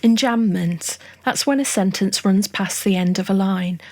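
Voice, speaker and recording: A woman giving a scripted songwriting lesson, explaining each term in a clear, measured, list-like way. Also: mid-range voice, a little mellow, dry recording, clean studio sound. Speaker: songwriting tutorial narrator. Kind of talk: scripted educational narration.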